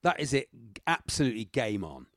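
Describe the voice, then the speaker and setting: A man co-hosting a podcast as a comedian, chatting casually in an excitable, jokey way. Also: medium pitch, fairly quick, no room sound, clean studio sound. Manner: excitable, jokey, often laughing. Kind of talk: casual chat.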